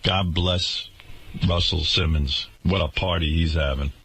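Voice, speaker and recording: A man's voice: low voice, fairly even intonation, a little slow, fairly bright tone, breathy edge. A man hosting a radio talk show, ranting indignantly and sarcastically.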